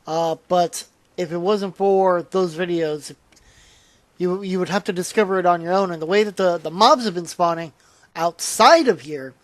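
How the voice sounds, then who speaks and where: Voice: mid-range voice, normal speed, dry recording. Tired, rambling gameplay commentator. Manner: rambling, with frequent restarts and trailing asides. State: tired, yawning. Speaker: channel host.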